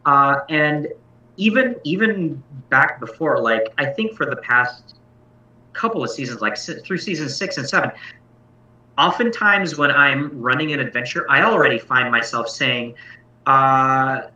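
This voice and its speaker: This game master's convention talk is casual and explanatory as he reflects on how he runs tabletop games and corrects himself along the way. His mid-range voice is animated, bright and forceful, at a measured pace. Captured in a convention room, the audio is echoey, distant and dull.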